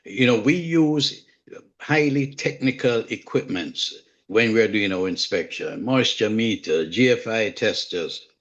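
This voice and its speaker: A man in his sixties with a Jamaican accent, a home inspector speaking as a guest on an online community call, earnest and measured, repeating his key points. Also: fairly low pitch, lively intonation, fairly bright tone. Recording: dull lo-fi online call audio.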